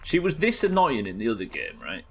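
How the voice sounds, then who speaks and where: A young man from the United Kingdom streams a game live in a husky, mid-range voice whose pitch swoops wildly. He talks briskly, rambling casually, swearing, and reacting aloud as he plays.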